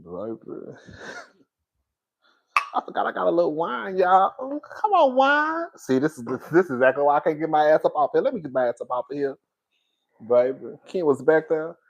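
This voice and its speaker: A man's voice: fairly high pitch, normal speed, gravelly. Sassy man with a drawl. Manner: sassy, animated, laughing often, drags words for effect. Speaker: reality TV reviewer. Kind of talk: casual reaction commentary.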